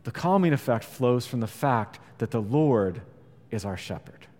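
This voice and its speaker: A man preaching a sermon. He talks earnestly, swells louder on key points and drops quiet on scripture. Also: mid-range voice, expressive, a little slow. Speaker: pastor. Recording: long reverb of a large hall.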